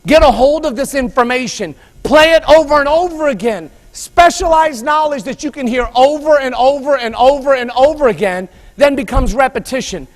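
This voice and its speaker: A man giving an energetic motivational speech at a conference, telling stories and drawing call-and-response from a live audience. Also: extremely high pitch, normal speed, hardly any pauses, in a large hall. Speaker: motivational speaker. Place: large conference room before a live audience.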